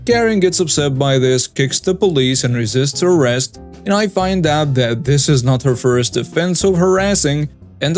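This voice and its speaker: Man narrating stories over soft music. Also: medium pitch. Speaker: story channel narrator. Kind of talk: scripted story narration. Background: faint background music.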